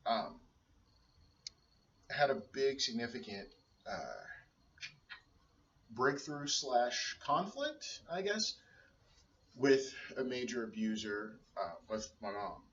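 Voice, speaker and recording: A man's voice: medium pitch, fairly bright tone. Earnest rambling man, roomy and distant. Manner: earnest, rambling, many restarts and fillers. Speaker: personal trainer and stay-at-home dad. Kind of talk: personal video blog, talking to camera. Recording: roomy, dull sound from a distance.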